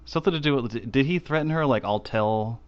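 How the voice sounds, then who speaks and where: A man co-hosting a casual chat show, rambling through a profane, animated retelling. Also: medium pitch, a little fast, lo-fi sound. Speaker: podcast co-host.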